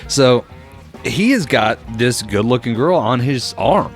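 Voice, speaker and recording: This young man speaks slowly at medium pitch, with faint guitar music behind him. Co-hosting a podcast, he tells a casual story full of fillers, animated and acting out voices.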